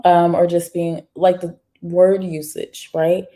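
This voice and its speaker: A woman's voice: fairly low pitch, flat delivery, slow, warm tone. A woman hosting a casual live stream, chatting straight to viewers and reading their comments aloud. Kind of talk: casual livestream chat.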